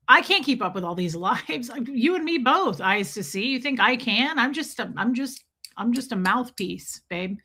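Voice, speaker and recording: 40s woman livestreaming, bright kinda high voice, chatty and joking with her viewers. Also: animated, normal speed. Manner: chatty, joking, warm toward viewers, dark humor. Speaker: livestream host. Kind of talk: casual livestream chat reading viewer comments.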